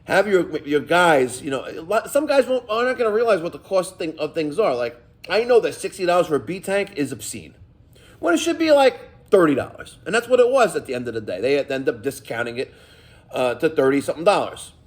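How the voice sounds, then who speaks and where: A middle-aged plumbing contractor talks straight to his viewers in a casual vlog rant. His voice sits a bit high for a man and swings widely up and down as he tells stories. He is emphatic and swears freely. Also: very animated, fairly quick. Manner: emphatic, profane, storytelling.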